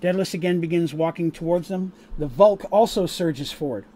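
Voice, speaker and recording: A man narrating a tabletop game as game master, casual and full of fillers, pausing to explain rules. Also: fairly high pitch, dark tone.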